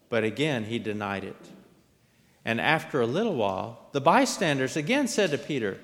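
Man, scripture reading, dramatic, lively pitch, long hall reverb. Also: normal speed. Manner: dramatic, lifts and raises voice for quoted speech. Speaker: scripture reader.

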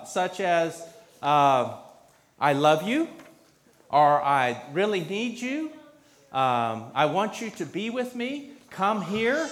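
Man, slightly high voice, leads a children's sermon with patient, simple questions. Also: a bit bright. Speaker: pastor leading a children's message.

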